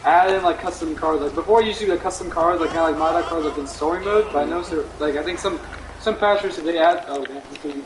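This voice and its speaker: A young man talks quickly and haltingly, stumbling through fillers as he chats over gameplay. He sounds set back from the mic, in a roomy echo. Noise sits behind him. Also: on the high side, distant mic. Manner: hesitant, full of fillers. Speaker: guest gamer. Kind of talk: casual chat over gameplay. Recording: echoey, off-mic and noisy.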